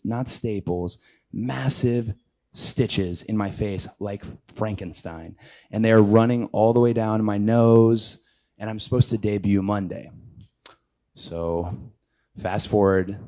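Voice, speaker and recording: A man's voice: lowish voice, steady tone, slow pace, darkish tone. A man in his thirties, an interview guest telling a casual story, acting out quotes in raised voices. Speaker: interview guest, pro wrestler.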